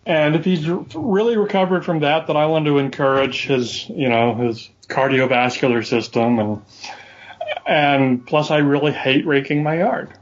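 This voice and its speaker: Man, slightly high voice, wry and dry, casual storyteller, lo-fi mic. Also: moderate pace. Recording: dull lo-fi audio.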